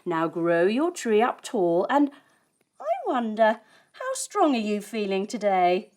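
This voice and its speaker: A woman telling a yoga story for children in an animated, sing-song and encouraging way. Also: mid-range voice, takes it slowly. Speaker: kids yoga instructor and storyteller.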